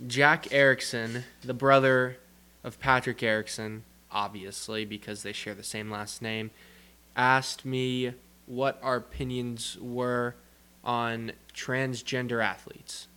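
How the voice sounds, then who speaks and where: A man's voice: medium pitch, flat delivery, takes it slowly, bright, forceful tone, clear, resonant tone. A young man co-hosts a podcast with a friend. He rambles in loose, casual chat and often restarts his sentences partway through. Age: young adult. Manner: rambling, self-interrupting. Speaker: podcast co-host.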